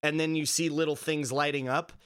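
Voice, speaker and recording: Animated young man retelling a game. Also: a little high, fairly quick, smooth. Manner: animated, acts out quoted characters, swears freely. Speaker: podcast co-host. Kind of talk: casual gaming podcast chat.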